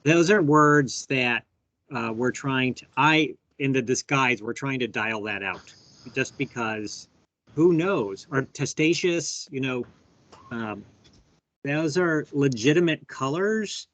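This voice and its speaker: A man's voice: mid-range voice, slow, a bit bright, no room sound. A man hosting a live bee workshop on a video call, chatty and thinking aloud as he shows specimens. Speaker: workshop host. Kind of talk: live online workshop teaching. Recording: dull, dry video call audio.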